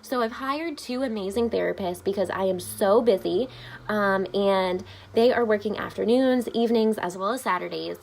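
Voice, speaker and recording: A woman's voice: medium pitch, moderate pace, vocal fry, darkish tone, a little hiss or hum. A woman family therapist, speaking upbeat and informally to parents, with frequent "um" fillers. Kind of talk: informational talk to camera.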